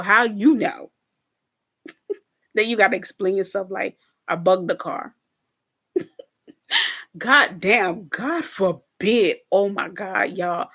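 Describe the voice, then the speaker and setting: A young woman hosts a laid-back reaction video, animatedly recapping a TV episode for her viewers. She laughs a lot, swears freely, and speaks in a mid-range voice.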